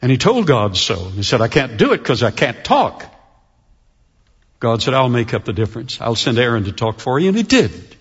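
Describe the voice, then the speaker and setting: A man preaching a sermon and telling stories, with a lively, animated delivery that slows down to stress key words. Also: mid-range voice, slightly rough. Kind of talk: sermon storytelling. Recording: dull lo-fi recording.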